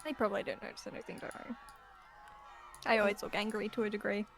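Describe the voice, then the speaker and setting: A woman playing in a tabletop game, chatting quickly and giggling often. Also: mid-range voice, steady tone, gravelly. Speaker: player. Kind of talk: casual tabletop game chat.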